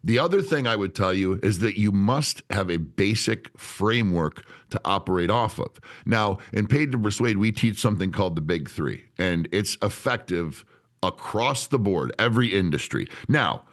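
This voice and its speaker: A man talking as a sales trainer guest in a podcast interview, blunt and animated, swearing freely. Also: low-pitched, moderate pace. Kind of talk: candid interview talk.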